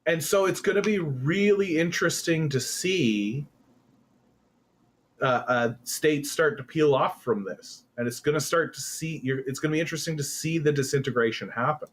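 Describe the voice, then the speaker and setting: A man's voice: fairly high pitch, normal speed, slight background noise. A man from Canada hosting casual political commentary, rambling with lots of fillers and breaking into sarcastic jeers.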